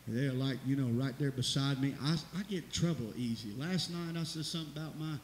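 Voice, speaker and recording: Folksy pastor in echoey church. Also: male voice, medium pitch, fairly quick. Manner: folksy, rambling, preacherly, rising to loud exclamations. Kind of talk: church announcements and exhortation. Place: church sanctuary. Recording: echoey church hall with hiss.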